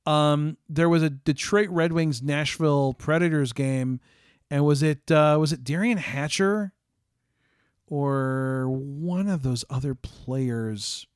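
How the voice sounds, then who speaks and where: A man's voice: a little high, smooth, no room sound, clean studio sound. An American man hosting a casual stream, chatting with viewers in a rambling way with frequent ums and restarts. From United States.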